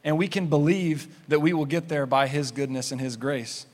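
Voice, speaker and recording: Upbeat guy preaching, slightly high voice, joking around, big echoey church. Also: normal speed. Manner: energetic, conversational, playful asides. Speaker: pastor. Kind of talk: sermon. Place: church sanctuary. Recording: long hall reverb.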